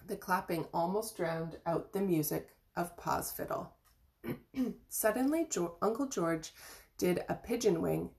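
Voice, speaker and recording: A woman reading a children's storybook chapter aloud in a gentle, even way, with small slips and restarts. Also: on the low side, vocal fry. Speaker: reader of an audiobook chapter.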